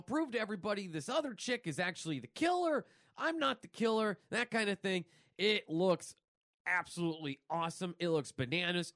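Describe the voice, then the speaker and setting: Male podcast host, excitable, rambling, slightly high voice, dry close sound. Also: no room sound. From New York. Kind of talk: casual movie news chat.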